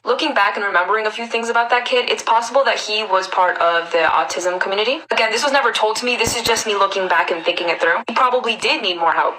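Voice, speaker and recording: A woman's voice: mid-range voice, fast, few pauses, pushed and bright, slight background noise, low-quality recording. A woman in her early twenties telling personal stories in a chatty, confiding way, often turning to her viewers. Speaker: storyteller. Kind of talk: story time narration.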